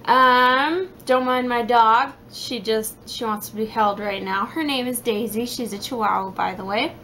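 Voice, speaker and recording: A woman's voice: on the high side, measured pace, pushed and bright, a little hiss or hum. A woman vlogging casually at home about her pregnancy, chatty and rambling with lots of fillers. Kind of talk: casual chat to camera.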